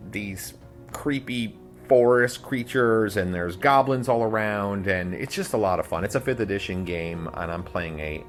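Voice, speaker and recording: A man with a very low voice co-hosts a tabletop gaming podcast. His talk is casual and rambling, full of fillers and restarts, with faint music underneath. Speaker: podcast co-host. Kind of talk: casual chat.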